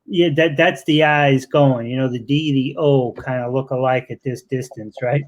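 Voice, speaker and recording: A man's voice: medium pitch, fairly even intonation, moderate pace, dull audio. A man with a Boston accent hosting a live-stream interview, effusive and joking, with lots of fillers. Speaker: interviewer and show host.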